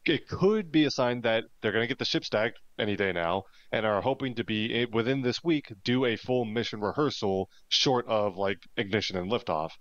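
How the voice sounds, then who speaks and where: A man's voice: on the low side, normal speed, few pauses, no echo. A man co-hosting a casual livestream chat, explaining things and openly speculating. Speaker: co-host, news director. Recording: dull lo-fi mic.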